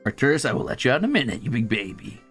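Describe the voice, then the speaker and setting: A man's voice: mid-range voice, sing-song, rapid-fire, gravelly, a bit bright, faint music behind. A man streaming while he draws, chatting casually and rambling, muttering to himself and teasing his cat. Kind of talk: casual chat while drawing.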